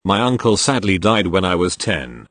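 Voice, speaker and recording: This narrator, a man, works through online posts in scripted, matter-of-fact fashion, spelling out all the abbreviations. His fairly low voice has a sing-song, widely moving pitch and a slightly bright quality, at a normal speed. The audio is close and dry, with no room sound.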